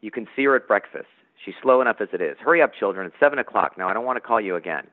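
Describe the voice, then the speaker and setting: Brisk busy mother, as a man reads her. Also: fairly low pitch, animated, pitched above the performer's own voice, lightly acted. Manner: brisk, bossy. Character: brisk country mother, busy and matter-of-fact. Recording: tinny phone-like line.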